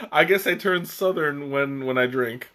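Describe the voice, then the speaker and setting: A man's voice: on the high side, a bit bright. A young man hosting a live tea tasting stream, chatting casually in a rambling way with restarts and chuckles.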